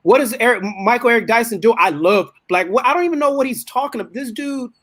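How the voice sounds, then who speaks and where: A man's voice: extremely high pitch, animated, quick pace, a bit bright. A man co-hosting a talk show, cutting in with hold on and lecturing his view with many repeats. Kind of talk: heated casual debate.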